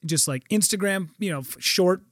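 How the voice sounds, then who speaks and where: High-voiced man telling animated stories. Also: moderate pace, dry recording, studio quality. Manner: animated storyteller, acts out quotes, swears. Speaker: guest. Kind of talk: casual podcast chat.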